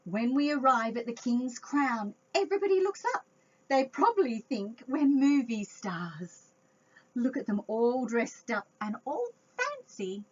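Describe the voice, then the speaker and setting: A woman reading a picture book aloud to young children, expressive and chatty with her listeners. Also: on the high side, unhurried, breathy edge. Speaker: children's storytime reader. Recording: dull lo-fi home recording.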